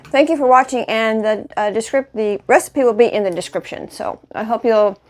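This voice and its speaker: Woman host, home cooking vlog, chatty and easygoing, slightly higher voice. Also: normal speed. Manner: chatty, tasting food on camera.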